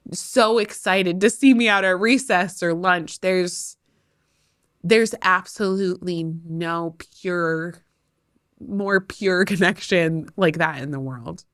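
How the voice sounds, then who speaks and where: Woman podcast host, unhurried and a bit low-voiced, sincere and self-mocking, lots of little laughs. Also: a bit bright, no echo, studio quality. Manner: heartfelt and self-deprecating, laughing often. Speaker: podcast host, former teacher. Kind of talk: candid monologue.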